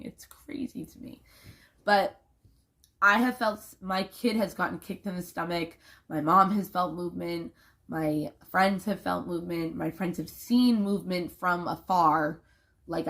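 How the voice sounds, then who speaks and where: Young new woman rambling on her vlog, gravelly low voice, swears a lot. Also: a bit bright. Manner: rambling, emphatic, swears freely. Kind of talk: casual vlog monologue.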